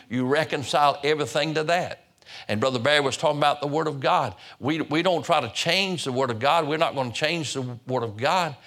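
Older man, folksy preacher at the pulpit. Bright, forceful tone, middle pitch. Stumbles and repeats as he builds his points. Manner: folksy, repeats words and restarts phrases. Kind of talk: sermon.

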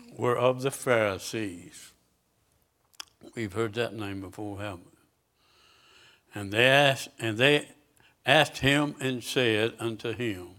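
A man with a fairly low, sharp-toned voice preaches a sermon, reading scripture slowly and emphatically with mounting intensity. He puts direct questions to his congregation.

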